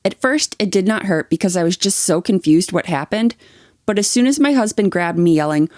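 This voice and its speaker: A woman's voice: on the low side, animated, a little fast, a little mellow, no room sound, studio quality. A young adult woman co-hosting a podcast, reading online posts aloud and chatting with blunt, swearing opinions. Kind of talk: reading aloud and casual chat.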